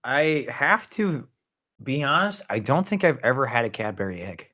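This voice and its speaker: A man's voice: mid-range voice, big pitch swings, bright, forceful tone. A young man hosting a podcast, chatting casually and joking playfully. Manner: playful, quick to joke and tease. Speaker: podcast host.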